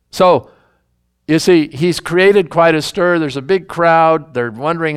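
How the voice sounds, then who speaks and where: Bible teacher, man, casual and musing between readings, clear resonant tone. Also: on the high side, measured pace. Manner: conversational, musing, admits doubts with a laugh.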